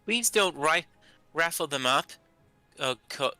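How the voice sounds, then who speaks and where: A man reading game lines aloud at a very slow, halting pace, tripping over names and restarting. His voice is very bright, smooth and crisp, and sits dry and close, with faint music underneath. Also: fairly high pitch, animated, dry recording.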